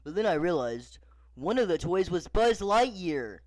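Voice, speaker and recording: A man narrating a horror story with profane, sarcastic disbelief. His pitch swings widely from line to line. The recording is dry and close. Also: sing-song, measured pace, darkish tone, dry recording. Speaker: creepypasta narrator.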